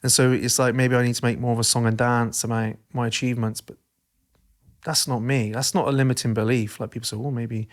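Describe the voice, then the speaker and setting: A man hosting a podcast in casual chat, talking in an animated, passionate way. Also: medium pitch, quick pace. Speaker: podcast host.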